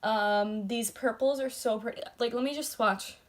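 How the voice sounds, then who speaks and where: A woman's voice: a little high, normal speed. A woman beauty vlogger chatting casually about her makeup, with lots of ums and likes. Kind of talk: casual chat showing makeup. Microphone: phone.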